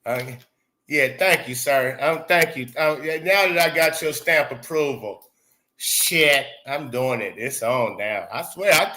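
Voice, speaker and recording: Bright-voiced laughing livestream host man. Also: a little high, animated, unhurried. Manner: loose, laughing, swearing, reads chat aloud. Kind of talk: casual livestream chat.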